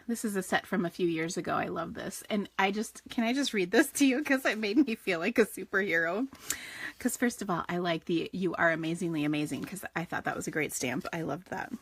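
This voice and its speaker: A woman's voice: fairly low pitch, slight background noise. A woman hosting a casual live craft stream, chatty and gushing with lots of fillers. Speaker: craft show host.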